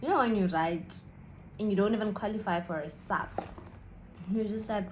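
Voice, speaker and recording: A woman's voice: medium pitch, measured pace, a little hiss or hum, rough recording. A South African woman in her twenties telling a story in a casual vlog, chatting in a rambling way while she eats snacks. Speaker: YouTuber.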